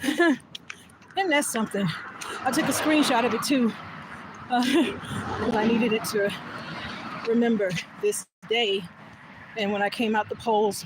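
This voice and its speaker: A woman's voice: a little high, background noise. Emotional woman vlogging outdoors. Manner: emotional, laughing often, trailing into soft whispers. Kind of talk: emotional casual storytelling. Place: outdoors, walking back from voting.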